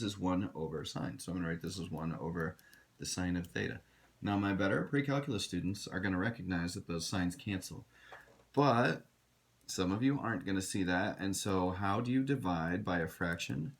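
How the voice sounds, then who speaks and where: A man teaching a recorded math lesson, direct and instructive, talking to his students. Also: sits low. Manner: direct, instructive, addresses students as you guys.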